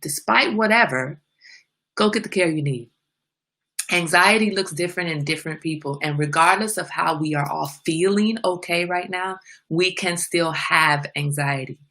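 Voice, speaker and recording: A middle-aged woman hosting a casual live-stream talk, animated and laughing often. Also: on the low side, moderate pace.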